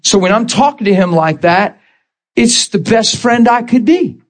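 A man's voice: high-pitched, lively intonation, unhurried. A man preaching in a sermon, telling a personal story with emphatic, dramatic bursts. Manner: emphatic, dramatic retelling with sudden loud bursts.

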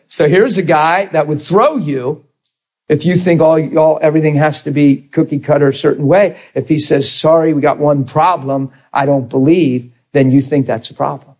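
A man's voice: fairly high pitch, normal speed, a little mellow. A man, preaching a sermon and telling a story while acting out the dialogue.

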